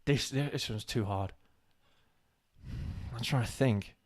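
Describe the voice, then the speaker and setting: A man co-hosting a casual live stream, halting and self-deprecating as he searches for words. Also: medium pitch. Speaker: co-host of a live show.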